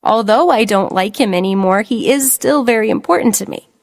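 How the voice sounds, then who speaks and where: A woman's voice: mid-range voice, brisk, pitched above the performer's own voice, lightly acted. A woman voicing a heartbroken young woman. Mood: trembling. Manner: choked, trembling pleading.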